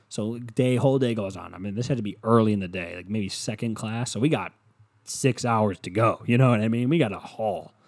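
Man, young adult, slightly low voice, casual rambling monologue, profane, self-mocking. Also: darkish tone, husky. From Ohio, USA.

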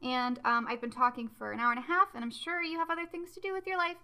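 A woman hosting a podcast, talking in an animated, excitable way and teasing herself for being a nerd. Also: high voice, quick pace, smooth. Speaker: podcast host. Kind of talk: enthusiastic casual podcast talk.

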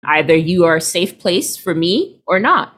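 A woman in her thirties, a healer, chatting casually and acting out quoted people with lively swings in her voice. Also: normal speed, slightly rough. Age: 30s. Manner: expressive, acts out quoted people with big pitch jumps. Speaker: guest, healer. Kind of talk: casual podcast conversation.

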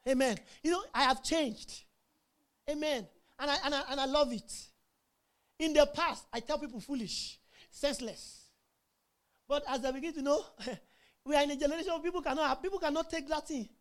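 Emphatic preacher with a high voice. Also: male voice, brisk, long pauses. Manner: emphatic, call-and-response, laughs often. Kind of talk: sermon.

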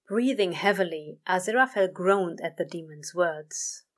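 A woman narrating a story aloud in a steady, measured way. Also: on the low side. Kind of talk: reading fan fiction aloud.

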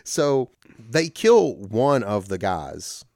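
A man's voice: on the low side, very animated, drawn-out words, gravelly, darkish tone, no room sound, clean studio sound. A man co-hosting a podcast, recapping a film plot in a loose, rambling way. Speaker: podcast co-host. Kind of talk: casual chat.

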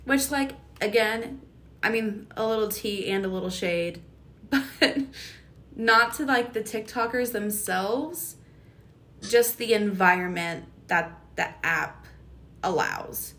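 A woman's voice: medium pitch, takes it slowly, fairly bright tone. A young woman co-hosting a podcast, chatting casually in a blunt, opinionated way and laughing between remarks. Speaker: podcast co-host. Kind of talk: casual chat.

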